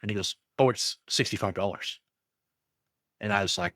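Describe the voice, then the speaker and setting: A middle-aged man telling a story in casual chat, ranting in an animated way and acting out both sides of an argument with a shop clerk. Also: lowish voice, normal speed, pauses often, dry recording, clean studio sound. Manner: frequent restarts and fillers when worked up. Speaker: podcast co-host.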